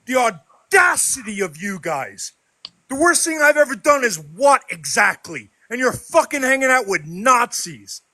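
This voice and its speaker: A man with a very high, bright, sharp voice rants in an online voice chat. He shouts and swears nonstop, raging at the people he's angry with. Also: sing-song, normal speed, dry recording. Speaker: regular on a debate stream. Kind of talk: furious online voice-chat rant.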